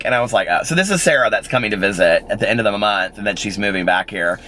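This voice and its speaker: A man's voice: on the low side, expressive, fast talker, hardly any pauses, sharp tone, a little hiss or hum. A man in his forties telling a rambling personal story in a casual vlog, full of fillers and little laughs. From Indiana, United States. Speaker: vlogger.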